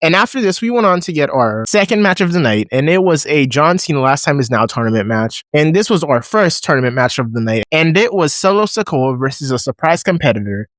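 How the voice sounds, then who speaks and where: A man giving a casual recap and review of a wrestling show, animated, acting out his own reactions in a raised voice. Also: a little high, no echo, clean studio sound.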